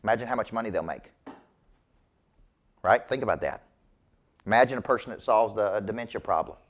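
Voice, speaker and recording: A middle-aged man with a fairly low voice, speaking a little fast, delivers an emphatic, preachy motivational business talk to an audience. He's a business coach who keeps checking in by saying "okay?"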